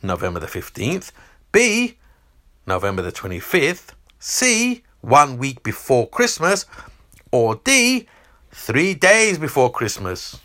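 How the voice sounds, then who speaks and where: A man runs a quiz with an animated, teasing delivery. His voice is bright and forceful. His pitch rises and falls a great deal from line to line. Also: takes it slowly. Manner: animated, teasing, reads multiple-choice options. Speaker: quiz host. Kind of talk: reading out quiz questions.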